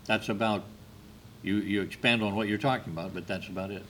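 A man giving a sermon, telling stories in a slow, measured way with brief hesitations. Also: fairly low pitch, steady tone, fairly bright tone, slight background noise. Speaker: preacher.

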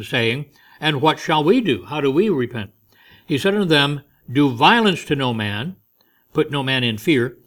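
A man giving a Bible teaching, reading scripture and explaining it in a relaxed, conversational way with light humorous asides. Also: mid-range voice. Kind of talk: informal Bible study sermon.

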